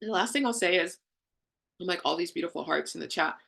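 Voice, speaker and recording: A woman hosts a live spiritual healing session and speaks straight to the people in her chat. Her voice sits low and has a lot of gravelly fry, with a bright, forward edge. She talks in an effusive, affirming way. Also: fast.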